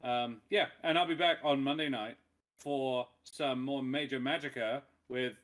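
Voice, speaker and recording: A man's voice: mid-range voice, fairly even intonation, a little slow, fairly bright tone. A man, a tabletop game player, chatting casually before a session, rambling and joking and laughing often. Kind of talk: casual pre-game chat.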